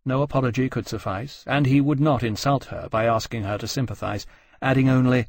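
A man narrating a novel in a measured, even reading. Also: medium pitch, creaky, no room sound. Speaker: audiobook narrator. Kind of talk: scripted narration.

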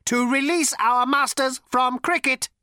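An ancient robot with a cold, lifeless, cultured rasp, pitched well above the reader's own voice and strangely altered in tone. It speaks in a flat, solemn, patient way, heavy and deliberate, in a dry, close storybook recording. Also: male voice, no room sound, exaggerated voice.

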